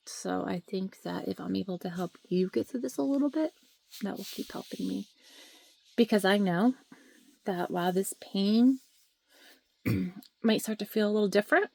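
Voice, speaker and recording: A woman's voice: mid-range voice, vocal fry, a little mellow. A woman vlogging from home about her grief, talking in a raw, rambling and emotional way, sometimes dropping to a whisper, into a handheld camera. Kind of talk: candid talking-to-camera vlog. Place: at home, indoors. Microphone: handheld camera or phone.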